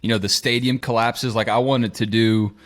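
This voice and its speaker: A man's voice: fairly low pitch, fairly even intonation. A man from southwest Virginia co-hosting a podcast, chiming in with wry jokes. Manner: wry, quick to joke. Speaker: podcast co-host. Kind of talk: casual chat.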